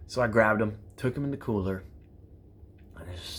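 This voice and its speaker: A man in his thirties telling motivational stories to his viewers, animated and profane, acting out the people in his stories. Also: on the low side, moderate pace, long pauses, slight background noise. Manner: animated, acts out quoted exchanges, profane, repeats phrases for emphasis. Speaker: prepper vlogger. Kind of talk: motivational storytelling to camera.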